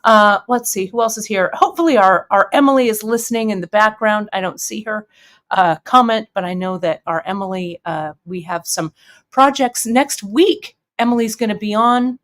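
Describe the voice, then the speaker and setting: A woman's voice: mid-range voice, normal speed, fairly bright tone. Chatty, teary woman stream host. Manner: chatty and emotional, tearing up, many fillers. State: teary, sniffling. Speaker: host of a bead shop live stream. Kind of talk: casual live-stream chat reading viewer comments.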